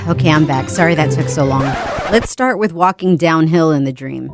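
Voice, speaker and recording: A young woman hosting a podcast, casually and vividly retelling a nightmare and acting out her own shouts. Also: sits low, moderate pace, faint music behind. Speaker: podcast host. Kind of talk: casual dream storytelling.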